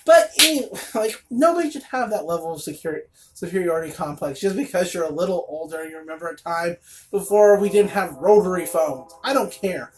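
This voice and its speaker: A woman's voice: lowish voice, lively intonation, brisk, slight background noise. A woman reviewing a comic in casual chat, blunt and sarcastic, with lots of fillers and asides.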